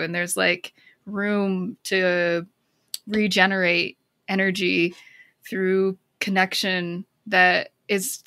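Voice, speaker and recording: A woman guest on a podcast, a counselor and author, talking reflectively with many "like" fillers and bursts of excited emphasis. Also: mid-range voice, no room sound. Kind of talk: casual podcast conversation.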